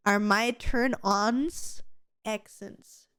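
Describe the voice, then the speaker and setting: A woman's voice: medium pitch, fairly even intonation, very slow, fairly bright tone, clean tone, no echo, clean studio sound. A woman in her thirties co-hosting a podcast, chatting casually in a gushing, giggly way and swearing freely. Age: 30s. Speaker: podcast co-host. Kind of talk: casual chat.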